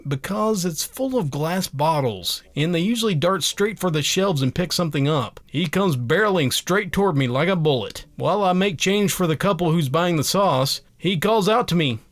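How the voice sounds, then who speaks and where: A man's voice: a little high, animated, normal speed, few pauses, dry recording. A man narrating a scripted story in a sarcastic, exasperated manner.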